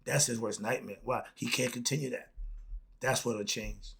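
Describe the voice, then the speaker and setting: A man's voice: mid-range voice, steady tone, moderate pace, vocal fry, fairly bright tone, a little hiss or hum. A middle-aged man delivering an emphatic, preachy spoken rant as the host, often asking "okay?". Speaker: commentary host.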